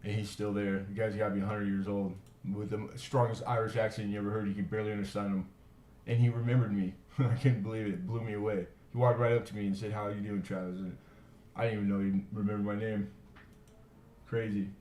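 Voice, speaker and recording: A man's voice: on the low side, a little mellow. A man hosting a live coin auction, chatting casually and rambling into stories between bids. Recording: echoey room.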